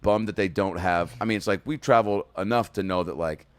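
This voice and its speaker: A man's voice: low voice, brisk, clean tone, no echo. A man hosting a podcast, riffing and joking with his guests. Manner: riffing, jokey, swearing. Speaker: podcast host. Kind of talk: casual podcast chat.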